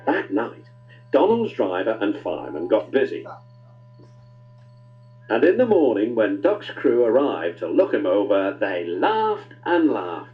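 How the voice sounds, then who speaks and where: A man narrating a children's story with expressive, swooping delivery. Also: unhurried, muffled recording. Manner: warm, expressive storytelling with big pitch swings.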